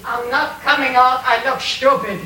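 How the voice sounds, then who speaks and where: An actress playing a blunt, gruff housekeeper in a sitcom scene. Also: female voice, sits high, steady tone, normal speed, close to an everyday voice. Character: blunt stern woman in a loud cowgirl outfit. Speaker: housekeeper posing as an heiress. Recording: noisy old TV sitcom recording.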